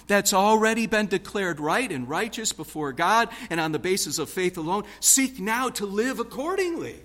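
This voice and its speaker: A man preaching a sermon in a rhythmic, emphatic way, swinging from loud stress to hushed tones. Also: sits high, big pitch swings, moderate pace.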